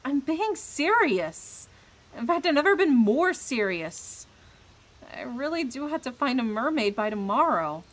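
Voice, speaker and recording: A woman's voice: mid-range voice, normal speed, fairly bright tone, natural voice, low-quality recording. A woman reading an earnest troubled young man. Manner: earnest, serious.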